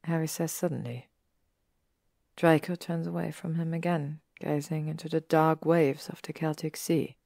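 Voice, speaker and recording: A woman narrating an audiobook story in a measured, even way. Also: sits low, creaky, no echo, studio quality. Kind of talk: audiobook reading of fan fiction.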